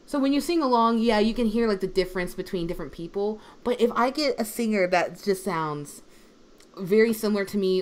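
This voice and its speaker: A young woman, a substitute teacher who voice acts, chatting on a livestream and telling stories with lots of fillers. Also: mid-range voice. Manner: animated storytelling, lots of fillers, swings in loudness. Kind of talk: casual livestream chat. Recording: faint background noise.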